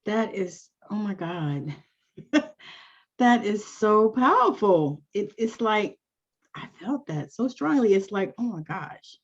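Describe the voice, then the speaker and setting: A woman's voice: medium pitch, sing-song, slow pace, husky. A woman hosting an interview, reacting with exclamations and asking follow-up questions. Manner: warmly reactive, exclaims and asks follow-ups. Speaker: host. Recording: dull lo-fi audio.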